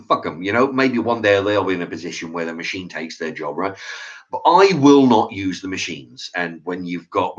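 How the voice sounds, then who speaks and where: A man ranting about a shop argument, swearing and acting out both sides of the exchange. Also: fairly low pitch. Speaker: channel host. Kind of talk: ranting monologue. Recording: dull lo-fi sound.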